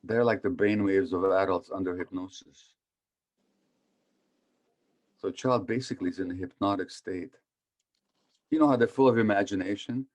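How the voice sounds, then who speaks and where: Older male physician speaker, low-pitched, chatty lecturing style that poses questions to the listeners. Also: normal speed, pauses often. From Hungary. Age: 70s. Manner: conversational, asks the audience questions. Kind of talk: public talk on trauma.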